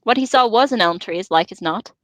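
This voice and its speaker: A woman's voice: medium pitch, lively intonation, fast, a bit bright, dry recording, lightly acted. A woman voicing a skeptical young male hobbit in a put-on rustic voice while reading aloud. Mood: scoffing. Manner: scoffing and dismissive. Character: grumpy skeptical male hobbit miller's son.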